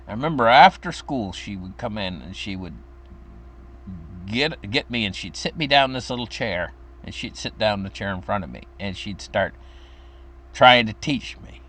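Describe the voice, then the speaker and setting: A man's voice: lowish voice, lively intonation, moderate pace, fairly bright tone. A man in his fifties from the United States, telling a childhood story in a meandering, chuckling way. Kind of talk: casual personal storytelling.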